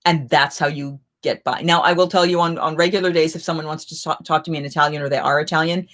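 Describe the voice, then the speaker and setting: A middle-aged woman, a festival performer, hosting a live chat and telling lively anecdotes in a casual way, often getting suddenly louder. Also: sits low, quick pace. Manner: animated, with sudden jumps in loudness.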